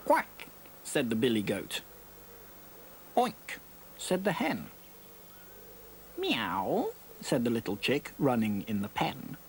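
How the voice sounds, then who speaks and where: A woman presenting a children's show, speaking slowly and playfully to young children and reading rhymes aloud. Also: rumbling low, sing-song, a little hiss or hum. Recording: loud music behind the voice.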